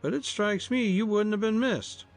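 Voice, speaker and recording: A man voicing a cool, wry young man who mocks gently, in a storybook reading. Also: high-pitched, moderate pace, soft background music, pitched above the performer's own voice. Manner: cool, mocking.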